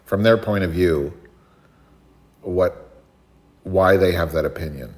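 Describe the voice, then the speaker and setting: A man chatting casually and telling a story in a sardonic, animated way, sometimes mimicking other voices. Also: sits low, slow.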